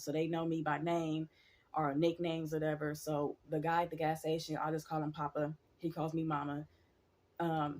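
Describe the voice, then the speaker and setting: A woman telling a spooky personal story in a casual, animated way, addressing her viewers directly and swearing freely. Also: sits low. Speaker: storyteller vlogger.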